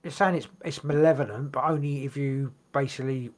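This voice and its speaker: A man's voice: medium pitch, fairly even intonation, brisk. A man co-hosting a podcast, reading notes aloud in casual chat, stumbling over words and swearing casually. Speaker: podcast co-host.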